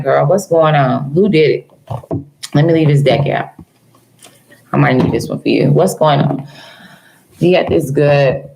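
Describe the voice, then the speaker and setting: A woman with a low-pitched voice reads tarot on a livestream, the recording rough. She teases viewers casually, calling them girl and baby, laughing often and shifting from jokes into earnest advice.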